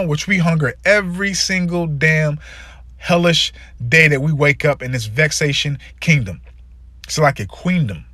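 A man's voice: fairly high pitch, lively intonation, normal speed, bright, forceful tone, no room sound. Fervent man preaching, dry sound. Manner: fervent, profane, with many stammered fillers. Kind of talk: sermon with scripture reading.

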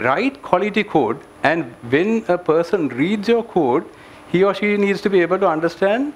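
A man presents at a tech meetup in a voice pitched a little high for a man. He talks earnestly and gives advice, often pausing on fillers and restarting his phrases. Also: a little hiss or hum. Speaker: engineering director giving a meetup talk. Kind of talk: conference presentation. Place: meetup venue with an audience.

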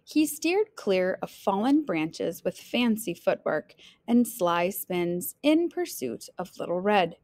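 A woman teacher reading a children's picture book aloud in an expressive, playful storytelling manner. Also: medium pitch, slow, few pauses, no echo, studio quality.

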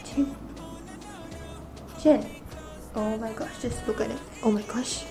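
Gushing young woman, lively pitch. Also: takes it slowly, long pauses, faint music behind, rough recording. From Malaysia. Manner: gushing, gasping, with frequent breathy exclamations. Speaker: vlogger unboxing albums. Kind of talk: casual excited unboxing chat.

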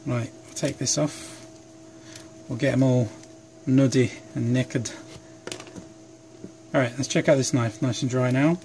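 This young craft vlogger talks casually at his bench, rambling, chatty and self-deprecating, and he sounds a little sleep deprived. His mid-range voice is a little mellow with fairly even intonation, a little slow and broken by long pauses. There's a little hiss or hum on the phone-camera recording.

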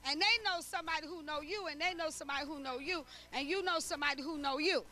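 A middle-aged woman preaching a sermon, her voice very high and strikingly bright. She talks to the congregation in a lively, conversational way, using everyday speech and acting out small back-and-forth dialogues. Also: fast talker. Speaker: prophetess preaching.

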